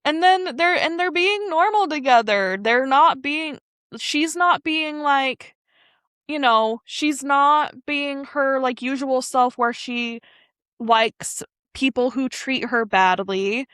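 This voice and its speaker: A woman's voice: high-pitched, takes it slowly, a bit bright, dry recording, studio quality. A woman co-hosting a podcast, chatting casually and animatedly about an anime episode, rambling with fillers and laughter. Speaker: podcast co-host. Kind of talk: casual anime recap chat.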